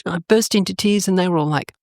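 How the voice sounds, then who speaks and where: Low-voiced older Australian woman storyteller. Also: fast, no room sound, studio quality. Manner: animated, expressive storyteller with sudden pitch jumps. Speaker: guest. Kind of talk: casual storytelling interview.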